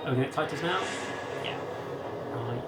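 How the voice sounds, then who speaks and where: A man's voice: mid-range voice, a little fast, loud music behind the voice. A man hosting a live reaction video, chatting casually and speculating aloud about what comes next. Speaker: host of a reaction channel.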